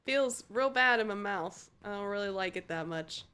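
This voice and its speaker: A woman's voice: mid-range voice, expressive, normal speed, pushed and bright, clean tone. A woman streamer playing a game, chatting casually and reading dialogue aloud in a playful, giggly, joking way.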